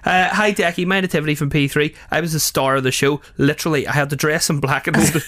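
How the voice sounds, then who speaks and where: A man's voice: a little high, steady tone, fairly bright tone. Giggly man hosting radio. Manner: giggly, playful, quick to laugh. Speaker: radio host. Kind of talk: casual radio chat.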